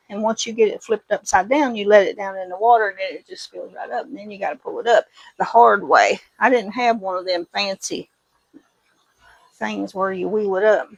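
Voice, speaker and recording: In a dry recording with the highs cut off, a middle-aged woman speaks in a mid-range voice as she washes dishes in her home kitchen. This homesteading vlogger rambles through folksy stories, her Midwestern accent sliding into Kentucky country twang.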